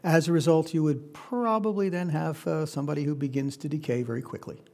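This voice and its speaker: A man's voice: a little high, brisk, gravelly, warm tone. A man preaching a conversational Bible-teaching sermon, putting questions to his listeners. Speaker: pastor.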